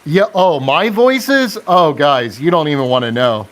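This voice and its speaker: Male live-stream host, slightly higher voice, unhurried, chatty with viewers. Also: animated. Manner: chatty, reads and answers viewer comments, laughs often. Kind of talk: casual live stream chat.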